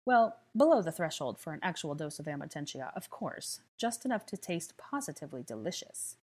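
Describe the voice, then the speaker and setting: A woman's voice: deep voice, very animated, a little fast. A woman reading aloud and voicing a flamboyant young man who mixes cocktails, playful and theatrical. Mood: playful showman.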